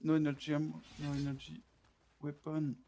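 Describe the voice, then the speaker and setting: A man with a French accent chatting in a game, speaking hesitantly and filling his pauses with "uh" and "um" as he restarts his sentences. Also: on the high side, monotone, gravelly, mellow, a little hiss or hum. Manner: hesitant, many fillers and restarts. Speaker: teammate in an online game. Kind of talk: casual gaming chat.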